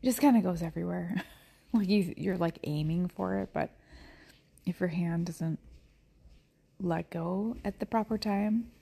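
A woman's voice: fairly low pitch, a little slow, vocal fry, long pauses, mellow, husky. A middle-aged woman hosting a podcast from home, chatting casually and rambling, often laughing and slipping into whispers. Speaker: podcast host. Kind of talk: casual chat.

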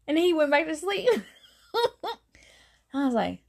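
A woman's voice: high-pitched, very animated, normal speed, long pauses, a little mellow. A woman in her thirties hosting a podcast, telling a faith story in a casual, earnest way, often laughing and repeating phrases for emphasis. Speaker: podcast host giving a devotional talk.

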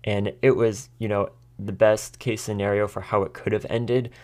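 Here a U.S. podcaster recounts a story on his own show, keeping it chatty and loose, laughing frequently and performing other people's lines. He speaks at a moderate pace in a lowish, level, somewhat dark voice.

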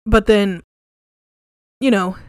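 A woman's voice: mid-range voice, steady tone, takes it slowly, dry recording, clean studio sound. A young woman hosting a podcast, telling a ghost story in a candid, profane, casual way with lots of fillers. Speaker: podcast host. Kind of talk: casual storytelling about hauntings.

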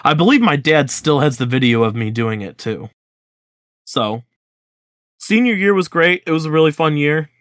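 In a casual chat, a twenty-something man co-hosting a podcast tells a school story and acts out what people said, animated throughout. His voice leans high and his pace is normal. The recording is dry and studio quality.

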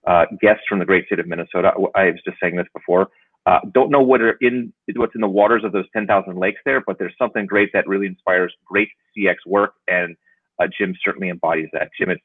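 Host, male, low husky voice, halting delivery, tinny dry phone-line sound. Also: dry recording. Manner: hesitant, many fillers and restarts. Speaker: podcast host, contact center manager. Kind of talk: conversational interview hosting.

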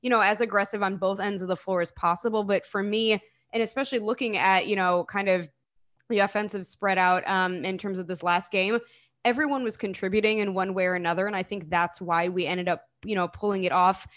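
A woman's voice: medium pitch, steady tone, fairly quick, fairly bright tone. A woman, a podcast guest talking sports in an enthusiastic, conversational way. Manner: enthusiastic, conversational, frequent fillers. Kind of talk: casual sports podcast chat.

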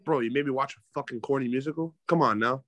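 A man's voice: medium pitch, fast talker, fairly bright tone, dry recording. A man co-hosting a casual podcast, blunt and exasperated, swearing often. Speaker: podcast co-host. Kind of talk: casual chat.

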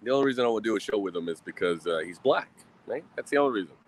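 A man with a fairly low, expressive voice hosts a casual outdoor livestream at a grill, talking rapid-fire into a phone. He's profane, rambling and self-mocking, and the recording is rough.

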